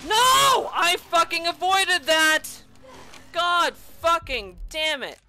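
A woman giving gameplay commentary, yelling and swearing at the game, with sarcastic asides between outbursts. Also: very high-pitched, lively intonation, slow. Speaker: gaming channel host.

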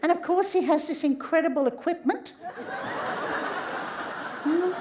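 A high-pitched middle-aged woman with an Australian accent delivers a public lecture as a sex therapist. She is humorous and keeps checking in with her audience as she goes. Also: a little slow, background noise.

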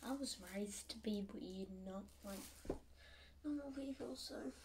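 Aussie teen girl vlogging while she cleans her room, talks fast, whispers a bit, phone mic a way off, hissy. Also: a little high. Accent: Australian. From Australia. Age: teens. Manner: rambling, fast, self-mocking, often drops to a whisper. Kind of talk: casual chatty vlog while tidying her room. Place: bedroom. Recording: distant phone mic with background hiss.

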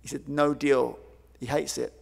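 Animated man telling stories on stage. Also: medium pitch, normal speed, vocal fry, husky. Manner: animated, acts out quoted voices, many fillers. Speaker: keynote speaker. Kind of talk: conference keynote storytelling. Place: large conference hall. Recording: long hall reverb.

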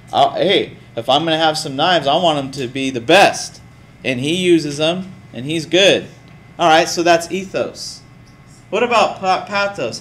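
A man teaches a class in a relaxed, energetic style, his voice pitched a bit high as he repeatedly asks the students questions. There's a little background noise.

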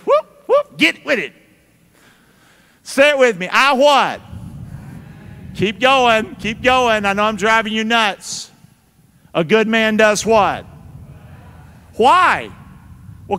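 Man, pastor, high-pitched, folksy call-and-response preaching, long church reverb. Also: bright, forceful tone. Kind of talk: sermon. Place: church sanctuary.

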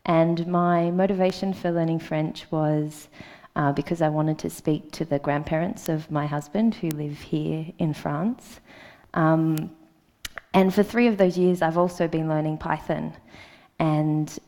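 A thirties Australian woman gives a conference talk in a conference hall, hesitating often with ums and uhs. Her voice is deep and creaky, with a darkish tone.

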